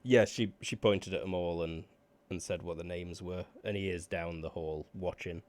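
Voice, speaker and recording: A man running a tabletop role-playing game as game master, relaxed and often stumbling over his words. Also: low voice, moderate pace.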